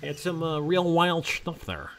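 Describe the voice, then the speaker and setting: A man's voice: fairly high pitch, sing-song, unhurried, a bit bright. A man co-hosting a casual chat show, playfully reading viewer comments aloud.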